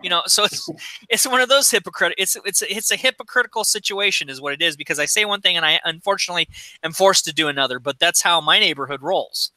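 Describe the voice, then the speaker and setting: Middle-aged dude ranting and cussing on a podcast, real bright tone, a bit high, dry sound. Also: male voice, animated, quick pace, no echo. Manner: profane, ranting. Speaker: podcast co-host. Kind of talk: casual chat. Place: recording studio.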